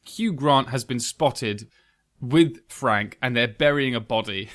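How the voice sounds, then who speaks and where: A man's voice: mid-range voice, slow pace, fairly bright tone. A British man hosting a podcast, chatting enthusiastically about a film and laughing often. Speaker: podcast host. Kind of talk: casual film chat.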